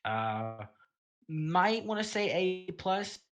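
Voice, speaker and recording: A man's voice: sits high, very slow, muffled recording, faint music behind. A man giving casual, rambling commentary on a gaming tier list, full of fillers and self-corrections and the odd swear word. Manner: relaxed, offhand, occasional swearing.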